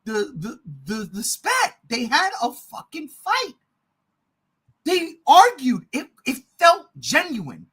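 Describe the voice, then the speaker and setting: A man co-hosting a podcast, chatting casually and excitedly about movies, swearing often and getting loud. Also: very high-pitched, slow. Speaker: podcast co-host.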